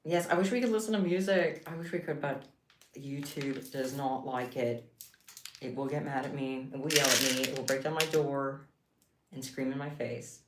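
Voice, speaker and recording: A woman's voice: rumbling low, fairly even intonation, moderate pace. A woman streaming live, chatting casually with her viewers and reacting with playful, dramatic exaggeration. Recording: echoey room, mic at distance, faint hiss.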